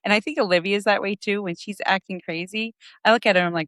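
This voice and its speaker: A woman's voice: medium pitch, fast talker, hardly any pauses, fairly bright tone, no echo. A woman in her thirties co-hosting a casual parenting podcast, talking earnestly and reflectively with many fillers. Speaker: podcast co-host. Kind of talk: casual chat.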